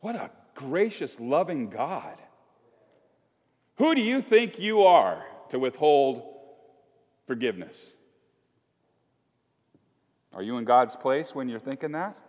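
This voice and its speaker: A man's voice: mid-range voice, big pitch swings, slow pace, long pauses, darkish tone. A man preaching a chatty, joking sermon to his congregation, acting out little scenes as he goes. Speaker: pastor. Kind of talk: conversational sermon. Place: church sanctuary. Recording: echoey church hall.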